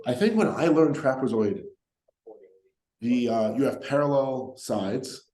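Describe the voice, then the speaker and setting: A man's voice: medium pitch, warm tone. Decisive male interview guest, roomy sound. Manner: brief, decisive answers, then thinks aloud with pauses. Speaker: guest, mathematician. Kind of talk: casual interview answers.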